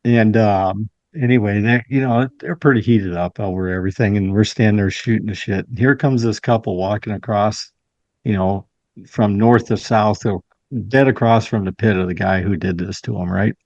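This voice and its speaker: Low-voiced host, dull dry recording. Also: male voice, steady tone, moderate pace, darkish tone, no room sound. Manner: laid-back storyteller, swears freely. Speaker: podcast host. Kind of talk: casual chat.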